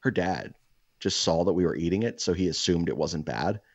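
A man co-hosting a casual chat, telling rambling, profane anecdotes in an animated way. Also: sits low, normal speed, slightly rough, no room sound, dull audio. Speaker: podcast co-host.

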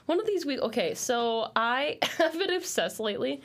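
A young adult woman hosting a casual podcast chat, telling stories in an animated, giggly way and swearing often. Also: high voice, normal speed. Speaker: podcast host.

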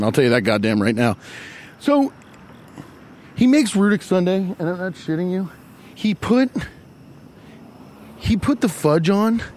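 A man telling a profane story in an animated way, jumping into high mocking voices when he quotes people.

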